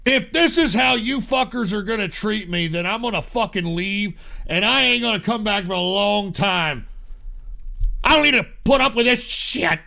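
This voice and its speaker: A man's voice: sits high, lively intonation, normal speed, creaky. A slightly drunk man hosting a show, ranting angrily and swearing at his audience. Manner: yelling, swearing, bitter rant. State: tipsy. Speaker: show host. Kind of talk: angry profane rant to an online audience.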